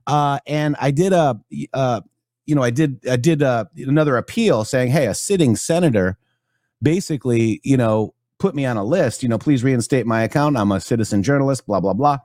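A man co-hosts a live talk show, rambling loosely and reading viewer comments aloud as he goes. His voice is medium-pitched and somewhat dark, at a moderate pace, captured in clean studio sound with no echo.

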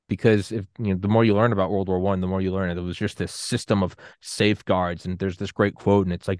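Deep voiced guy in his 30s, chatty podcast talk, dry close sound. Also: fast, hardly any pauses, smooth, no echo. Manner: animated, acts out quotes. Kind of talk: casual conversation.

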